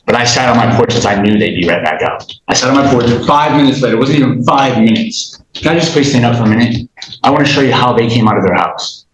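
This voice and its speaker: An agitated man in his thirties pleads his side before a judge, tumbling through restarts and mimicking the people he quotes. His voice sits at an ordinary pitch and rings out in a roomy courtroom with a faint hiss behind it. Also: expressive, fast talker. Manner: agitated, rambling, restarts sentences, acts out quotes. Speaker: litigant in small claims court. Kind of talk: heated courtroom testimony.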